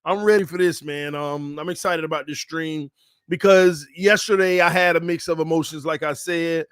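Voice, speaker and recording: A man's voice: fairly high pitch, fairly even intonation, moderate pace, a bit bright, smooth, no room sound, studio quality. A man hosting a casual livestream from home, chatty and upbeat, reading out viewer comments. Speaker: host of a fan channel livestream. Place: at home with his baby.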